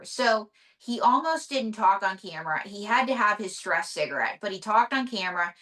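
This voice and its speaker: A woman, a ventriloquist, talking casually as an interview guest with animated storytelling. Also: fairly high pitch, a little fast, few pauses.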